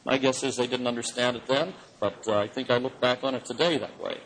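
A man giving a lecture on the Bible in an animated way, chuckling often and swinging his pitch for emphasis. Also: fairly quick, slight background noise, poor audio. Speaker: Bible teacher.

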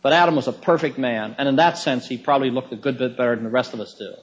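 A man preaching a sermon, emphatic, with sudden rises in pitch for stress and chuckles at his own asides. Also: quick pace, low-quality recording.

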